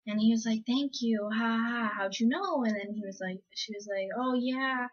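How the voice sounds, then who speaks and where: A woman's voice: on the high side, fairly even intonation, moderate pace. A teenage girl vlogging, telling a story casually with many fillers and acted-out quotes. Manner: chatty, lots of "like" and "um", acts out quotes. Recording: slightly dull lo-fi audio.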